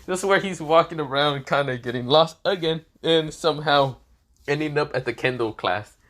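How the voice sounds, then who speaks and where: A man's voice: on the high side, moderate pace, fairly bright tone. A man casually narrating a fan-fiction story, rambling with many fillers and swearing now and then.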